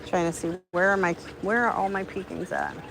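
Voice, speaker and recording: A woman on her duck farm chats to viewers and to her birds, her voice lifting high whenever she coaxes them. She is recorded outdoors by the pens with faint noise behind her. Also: fairly even intonation, a little fast, vocal fry, fairly bright tone, low-quality recording. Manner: chatty, talks to her ducks in a high coaxing voice. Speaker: duck keeper. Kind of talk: casual farm vlog talk.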